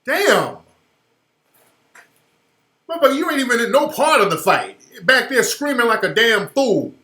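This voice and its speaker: A high-voiced male radio host rants through his commentary, blunt and profane, and hammers his points with repetition. His tone is bright and sharp, and the room gives it a roomy echo. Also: animated, unhurried. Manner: blunt, profane, ranting, repeats phrases for emphasis.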